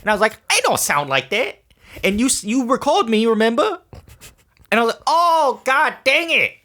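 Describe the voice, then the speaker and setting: Man doing his old squeaky accented self. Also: sing-song, normal speed, bright, forceful tone, heavily acted. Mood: indignant. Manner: exaggerated whiny protest. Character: his younger self, male, thick-accented and indignant.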